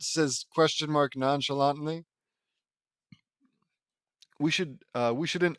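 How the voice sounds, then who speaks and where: A man's voice: medium pitch, normal speed, fairly bright tone, no room sound, studio quality. Man reading his fan fiction aloud, sarcastic asides. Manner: joking, sarcastic asides between read lines. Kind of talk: casual audiobook reading with asides. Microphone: close home mic.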